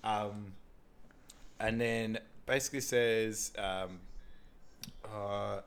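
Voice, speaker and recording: A man's voice: fairly low pitch, steady tone, drawn-out words, clean tone. A man co-hosting a casual film recap podcast, laughing often and quoting lines from the film. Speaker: podcast co-host.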